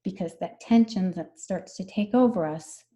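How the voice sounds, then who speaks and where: A woman's voice: fairly low pitch, normal speed, mellow. A woman stress management coach explaining her methods earnestly in a conversational interview, repeating key phrases.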